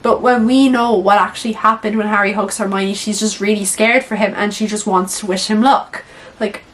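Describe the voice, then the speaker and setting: A young woman chatting casually in her video, animated and blunt, swearing freely and saying "like" a lot. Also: mid-range voice, moderate pace, soft background music, rough recording. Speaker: YouTuber. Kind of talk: casual movie-ranking chat.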